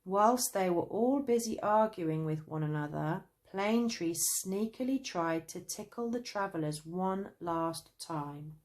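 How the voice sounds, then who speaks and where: British woman, children's story reader, low voice, very slow and gentle. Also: expressive. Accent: British English. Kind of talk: storybook narration.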